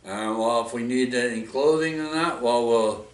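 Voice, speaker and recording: A man with a Canadian accent rants casually in a middle-pitched voice, rambling and restarting his thoughts. He is recorded from a distance in an echoey room. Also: normal speed. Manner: rambling, full of fillers and restarts, says "friggin'" and "eh". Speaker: vlogger. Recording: echoey room, mic far off.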